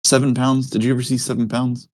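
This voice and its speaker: A man in casual chat, animated and blunt, joking and swearing with his co-host. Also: mid-range voice, fast talker, dry recording.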